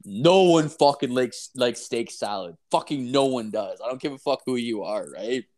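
A man's voice: medium pitch, normal speed. Young man, casual co-host, profane rambling storyteller. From Canada. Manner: profane, rambling, heavy filler words; animated, acts out voices in anecdotes.

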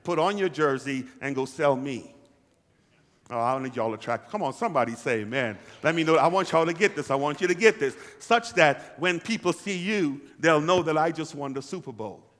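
A man's voice: on the high side, expressive, fairly quick, few pauses, fairly bright tone, in a large hall. A pastor preaching a sermon to his congregation, calling for responses and repeating lines for emphasis. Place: church hall.

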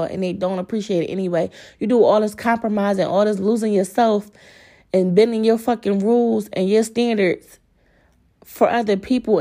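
A woman's voice: a little high, mellow. A young woman hosting a podcast, speaking candidly and profanely to her listeners and getting worked up. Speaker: podcast host. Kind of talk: casual monologue.

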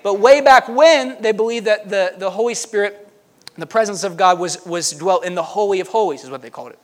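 A man preaching a lively sermon, emphatic and joking, swinging between loud bursts and hushed asides. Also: sits high, quick pace. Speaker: pastor.

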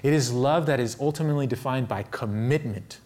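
A man's voice: mid-range voice, fast, darkish tone. Earnest male pastor preaching a sermon. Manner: earnest, building to raised emphatic peaks, often saying "listen".

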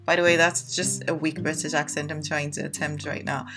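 Low-voiced Nigerian woman podcasting frankly. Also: little pitch movement, a little fast, fairly bright tone. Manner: frank, chatty, lots of ums. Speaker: podcast host. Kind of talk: casual personal monologue. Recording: guitar music playing behind.

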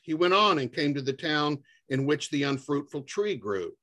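A man reading a fairy tale aloud in a lively storytelling manner. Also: on the high side, normal speed. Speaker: reader.

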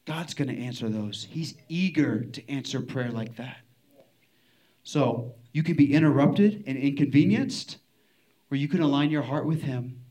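A man preaching a sermon as a missionary from the United States, telling a story with lively acted-out dialogue. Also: medium pitch. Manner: animated storytelling, acting out quoted dialogue.

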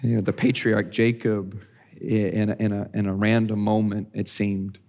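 A male pastor with a lowish voice preaches in a relaxed, conversational way. He often restarts and repeats words as he talks. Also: normal speed, vocal fry. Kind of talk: sermon.

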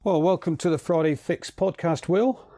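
Mellow-voiced man hosting a podcast. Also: a little high, moderate pace. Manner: dry, gently teasing. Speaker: podcast host. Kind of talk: casual football podcast hosting.

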